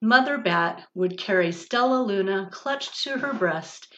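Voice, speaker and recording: A woman, a church's director of religious education, reading a picture book aloud for children in a gentle, expressive way. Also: mid-range voice, a little slow. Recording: dull lo-fi recording.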